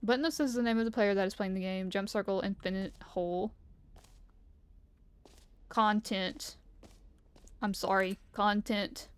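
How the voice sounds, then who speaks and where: A woman's voice: mid-range voice, steady tone, unhurried, long pauses, clear, resonant tone. A woman livestreaming from her room, chatting playfully and giggling as she plays. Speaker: streamer. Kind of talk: live game commentary. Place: home room.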